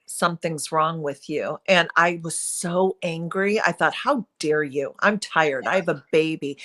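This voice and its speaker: A middle-aged woman with a lowish, slightly bright voice appears as an interview guest who speaks about perinatal mood disorders. She is earnest and confessional, with moments of emphatic pleading, in a candid interview conversation.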